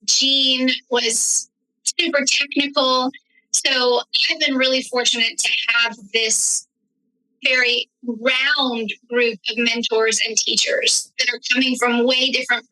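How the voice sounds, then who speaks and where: Woman, podcast guest, thoughtful, brilliant bright voice, highish pitch. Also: low-quality recording. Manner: reflective, thoughtful storytelling. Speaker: actress, writer and director guest. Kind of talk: podcast interview.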